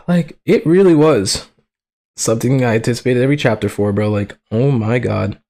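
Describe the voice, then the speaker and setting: A man's voice: medium pitch, moderate pace. A young man streaming live in casual commentary, talking in slang with lots of swearing and frequent laughter. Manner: slangy, profane, laughs often, excitable. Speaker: livestreamer.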